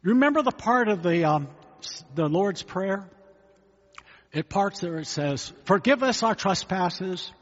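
Husky-voiced man preaching in an echoey hall. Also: high-pitched, animated, measured pace, pauses often. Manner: conversational preaching with rhetorical questions. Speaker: pastor. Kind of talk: sermon. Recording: echoey hall, dull lo-fi sound.

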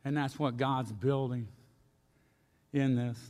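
A man's voice: medium pitch, fairly even intonation, slow, darkish tone, big-room sound. A man preaching a sermon in a folksy storytelling way, asking his congregation questions, in a church sanctuary. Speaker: pastor.

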